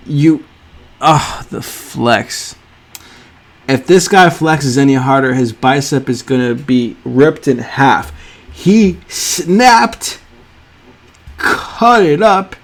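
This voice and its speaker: A man hosting a sneaker art channel, reacting to drawings on screen with gushing, theatrical awe that swings from loud to hushed. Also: mid-range voice, gravelly.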